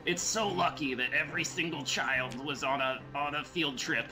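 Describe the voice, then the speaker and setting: A man's voice: a little high, moderate pace, sharp tone, soft background music. A man playing a fussy older school lunch lady in a game role-play, talking primly and by the rules. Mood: prim scolding. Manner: prim, rule-bound scolding.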